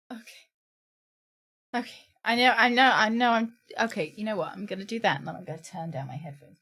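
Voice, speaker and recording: A woman's voice: mid-range voice, normal speed, long pauses, a bit bright. A woman streaming a horror game live, talking to herself and her chat with nervous, jittery laughter.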